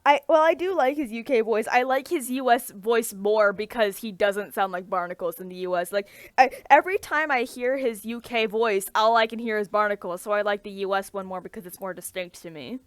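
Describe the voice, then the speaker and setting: A woman's voice: medium pitch, a little fast, hardly any pauses, dry recording. A woman co-hosting a casual chat, talking with eager enthusiasm and many restarts. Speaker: podcast co-host.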